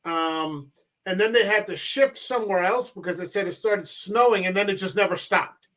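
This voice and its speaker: Bright, high-voiced man talking movies. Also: normal speed. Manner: animated, profane storyteller. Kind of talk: casual film chat.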